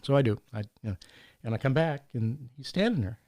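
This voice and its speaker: Guy rattling off stories quick, lots of laughs, dry close sound. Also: mid-range voice, no room sound. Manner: animated anecdote-telling with laughs and quoted voices. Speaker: podcast guest. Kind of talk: casual storytelling.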